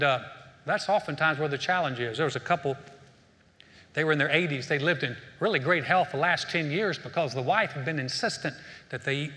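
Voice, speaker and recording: Bright high-voiced male preacher. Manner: conversational, repeats words as he restarts. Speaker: pastor. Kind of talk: sermon with a told joke. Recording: preached in a hall with long reverb.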